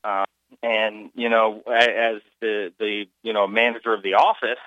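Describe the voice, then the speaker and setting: Halting male caller on muffled line. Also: lowish voice, level tone, no room sound. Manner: halting, lots of uh and you know. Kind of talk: phone-in chat. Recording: muffled phone-in audio.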